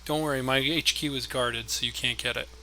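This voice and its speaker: A man's voice: medium pitch, fairly even intonation, fairly quick, sharp tone, soft background music. A man streaming a card game live, thinking his moves aloud in a chatty way and talking to his opponent and viewers.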